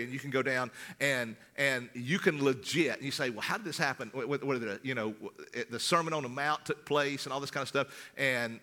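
A middle-aged male pastor preaching in a conversational style, repeating words and swinging from loud to hushed. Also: medium pitch. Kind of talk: sermon.

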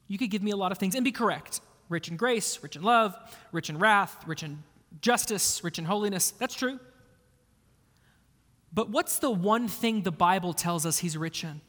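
A man preaching a sermon as a pastor, earnest, moving between hushed passages and emphatic lines. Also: high-pitched. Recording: long hall reverb.

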